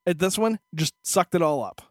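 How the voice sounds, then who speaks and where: A man's voice: high-pitched, animated, normal speed, dry recording, clean studio sound. A man co-hosting a podcast, telling a story as a profane, exasperated rant in casual chat. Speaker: podcast co-host.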